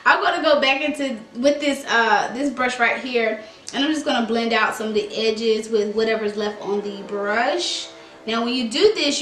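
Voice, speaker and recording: A woman's voice: a little high, distant mic, slight background noise. A young woman, chatting dramatically while doing a makeup tutorial. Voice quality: dramatic, animated storytelling. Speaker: beauty vlogger. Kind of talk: casual makeup tutorial chat. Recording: echoey room.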